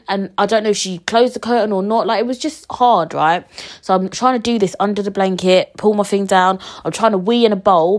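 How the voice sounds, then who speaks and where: A young woman, telling a story frankly to her viewers, full of fillers and swearing. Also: mid-range voice. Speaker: vlogger.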